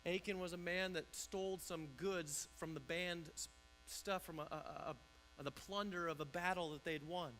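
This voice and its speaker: A man's voice: high-pitched, steady tone, moderate pace, fairly bright tone, faint music behind, poor audio. A man pastor preaching a conversational sermon in a church, often restarting and repeating words.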